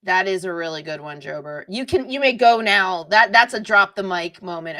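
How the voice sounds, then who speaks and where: A woman's voice: medium pitch, expressive, moderate pace, hardly any pauses, pushed and bright. A middle-aged woman hosting a live stream, chatting casually and digressively while reading viewer comments.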